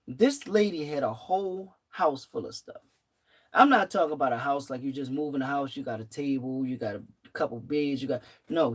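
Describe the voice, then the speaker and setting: A young adult vlogger casually telling a story from work, animated and repeating phrases for emphasis. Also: mid-range voice. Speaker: vlogger and retail worker.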